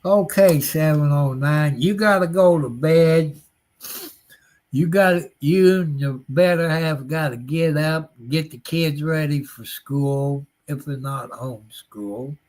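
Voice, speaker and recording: A man chatting on a livestream at an extremely unhurried pace, each phrase drawn out with long pauses. His voice sits a little higher than most men's, and his manner is folksy and easygoing. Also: a little mellow. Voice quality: folksy, drawn-out delivery with frequent chuckles. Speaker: livestream host. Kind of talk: casual livestream chat.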